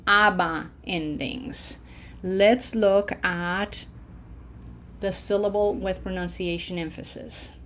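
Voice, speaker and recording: A woman teaching a language at a slow, unhurried pace. She speaks patiently and deliberately, pausing to check in with her students. When she models words, she draws her vowels out long. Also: mid-range voice, steady tone, fairly bright tone, a little hiss or hum. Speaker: Spanish teacher. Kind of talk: language lesson over slides.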